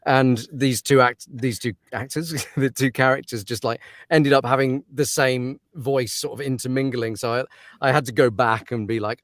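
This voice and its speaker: A man's voice: medium pitch, steady tone, moderate pace, no room sound, studio quality. A man, an audiobook narrator chatting casually as an interview guest, laughing often and trailing off into fillers.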